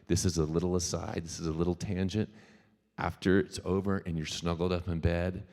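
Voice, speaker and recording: This Louisiana singer-songwriter speaks low and flat at a fairly quick clip, his tone a bit mellow. As the featured speaker at a live event, he gives a jokey keynote that wanders off on tangents, talks straight to the crowd and swears often, all carried through a venue PA with long hall reverb.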